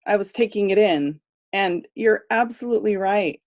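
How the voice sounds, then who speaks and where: A woman hosting a casual chat on a video call, speaking in a warm, affirming way. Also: medium pitch, normal speed. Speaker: host.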